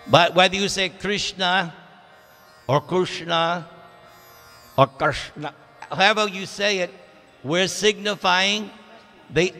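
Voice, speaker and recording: A man with a high-pitched, sharp voice teaches a scripture class in a temple hall, emphatic and drawing out key words. The recording is reverberant, with faint music in the background.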